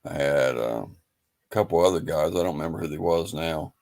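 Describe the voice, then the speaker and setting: Deep-voiced man rambling casually. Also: moderate pace, gravelly, a little mellow. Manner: rambling, folksy, laid-back. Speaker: livestream host. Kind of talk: casual livestream chat.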